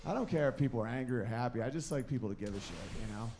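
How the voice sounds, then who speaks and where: Stand-up comic, male, from the Northeast US, animated delivery with sudden high character bits; noisy live recording. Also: rapid-fire. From Northeast United States. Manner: animated, acts out dog voices in high excited shouts. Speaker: stand-up comedian. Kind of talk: stand-up comedy set.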